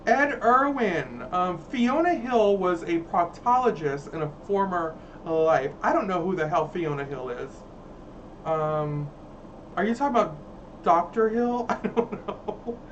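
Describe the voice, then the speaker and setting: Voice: mid-range voice, animated, a little slow, muffled recording. A host riffs on viewer comments in a sassy, theatrical, campy way. The voice sits in a middle register. It is caught from a little distance, with a faint hum of background noise. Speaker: livestream host reading viewer chat. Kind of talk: casual livestream chat.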